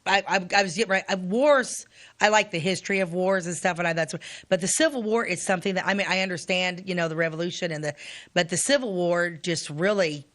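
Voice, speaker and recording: A woman's voice: lowish voice, a little fast, fairly bright tone. A woman in her fifties from Illinois, co-hosting a casual local-history chat, rambling and restarting her sentences, sometimes reading a letter aloud. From Illinois, USA. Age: 50s. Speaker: podcast co-host.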